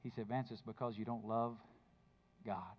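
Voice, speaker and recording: A man preaching a sermon, moving between low intimate speech and loud emphatic bursts. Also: steady tone, moderate pace, muffled recording. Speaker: pastor.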